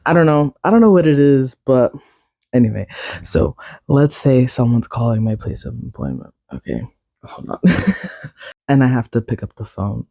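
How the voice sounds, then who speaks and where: A young woman hosting a casual solo podcast, raspy and congested from a cold, rambling along with lots of fillers. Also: rumbling low, sing-song, normal speed, mellow, dry recording, clean studio sound. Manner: rambling, filler-heavy, self-deprecating. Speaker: podcast host.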